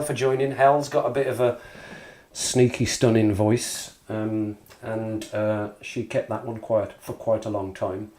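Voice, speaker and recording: A man's voice: on the low side, little pitch movement, a little slow, darkish tone. A man with a Black Country accent hosting a casual live stream, chatting and joking as he reads out viewers' messages. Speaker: livestream host. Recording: echoey room.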